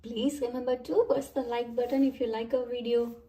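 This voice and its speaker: A woman reading a children's storybook aloud, speaking slowly and addressing children. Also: on the high side, flat delivery, warm tone. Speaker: storybook reader. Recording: echoey room, far from mic.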